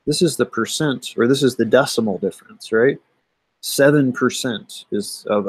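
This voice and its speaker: A man teaching math, walking through exam solutions in a conversational way, often pausing with "um" and checking in with "right?". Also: on the low side, slightly rough, no room sound, low-quality recording. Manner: conversational, thinks aloud with many "um" and "right?". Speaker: math instructor. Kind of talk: recorded lecture going over an exam.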